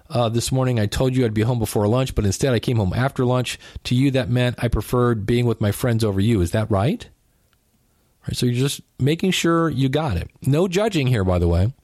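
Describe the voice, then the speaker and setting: A man's voice: medium pitch, fairly quick, darkish tone, no echo, clean studio sound. A man hosting a podcast, giving casual relationship advice in a conversational way, with joking asides and quoted lines acted out. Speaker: podcast host.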